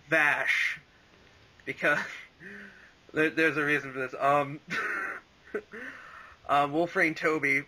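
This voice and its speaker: Heard on a rough recording, a young man with a slightly high, bright voice and forceful tone rambles casually as an interview guest. He's a fan voice actor whose talk is full of "like" and "um," punctuated by frequent laughs.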